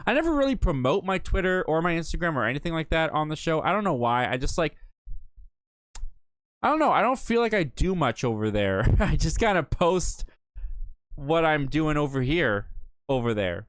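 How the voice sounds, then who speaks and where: A man's voice: fairly high pitch, clean tone, no echo. Upbeat young man reading chat comments. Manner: chatty, upbeat, reads out comments then reacts. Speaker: host of a live movie talk show. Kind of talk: casual live-stream chat reading viewer comments.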